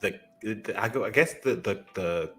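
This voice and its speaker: A man co-hosts a relaxed podcast chat in a lowish voice with a bright, forceful edge. He sounds easygoing and playful, chuckling between points, with faint music under the talk. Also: normal speed. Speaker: podcast co-host. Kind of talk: casual chat.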